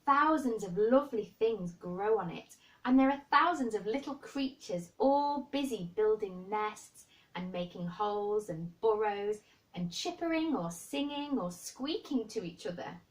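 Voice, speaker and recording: A woman's voice: medium pitch, animated, unhurried, far from the mic, pitched above the performer's own voice, natural voice, poor audio. A woman reading aloud, voicing a bold, obstinate young girl. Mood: eager. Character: blunt, stubborn young girl.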